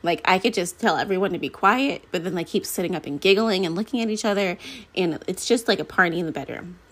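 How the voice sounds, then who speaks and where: Chatty woman with a husky low voice. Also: fast. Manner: chatty, animated storytelling with quoted asides. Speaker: podcast host. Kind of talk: casual solo podcast chat.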